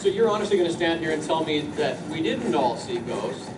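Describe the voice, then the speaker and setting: A man's voice: a little high, very animated, a little fast. An actor playing a man who challenges an official's story with pointed, disbelieving questions. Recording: echoey distant film audio with noise.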